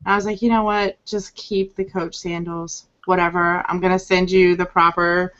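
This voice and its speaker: A woman co-hosting a casual chat, giving short reactions and telling a relaxed anecdote. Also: on the low side, normal speed. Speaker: podcast co-host. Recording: dull lo-fi audio.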